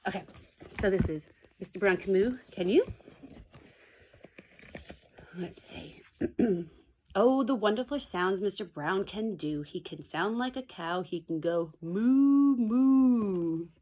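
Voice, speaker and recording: Chatty woman teacher, slightly low voice. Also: lively intonation, a little slow, darkish tone. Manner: chatty and digressive, playful animal sound effects. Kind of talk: casual video message and read-aloud for pupils. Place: home basement.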